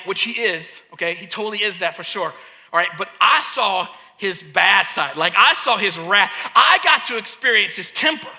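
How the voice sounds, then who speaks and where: A man who is a pastor and a parent, preaching a sermon and acting out a childhood story with lively energy. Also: high voice, normal speed, gravelly. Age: young adult to middle-aged, a parent. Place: church hall. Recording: long hall reverb.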